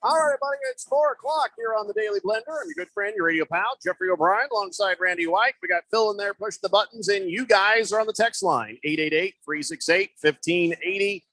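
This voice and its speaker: A man with a high-sitting, pushed and bright voice hosts a sports talk radio show in a studio, talking fast with hardly any pauses. His conversational, rambling style is full of fillers and restarts. It's recorded on a studio microphone with no room sound.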